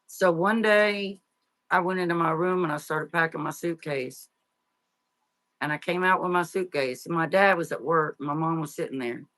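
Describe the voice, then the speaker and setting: A middle-aged woman, an interview guest, telling her life story in a halting, tearful way with many fillers and restarts. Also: low voice, fairly bright tone. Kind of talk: emotional personal storytelling.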